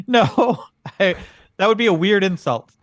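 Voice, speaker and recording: A man's voice: high-pitched, animated, slow, no room sound, studio quality. A man co-hosting a comedy podcast as the bemused straight man, asking puzzled questions. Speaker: podcast co-host. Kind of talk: improvised comedy chat.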